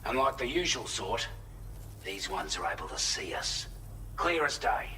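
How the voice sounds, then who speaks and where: A man's voice: lowish voice, big pitch swings, a little slow, sharp tone, a little hiss or hum, heavily acted, rough recording. An actor playing a friendly male shelter technician with an Australian accent, briefing a courier in video game dialogue. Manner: upbeat, matter-of-fact briefing.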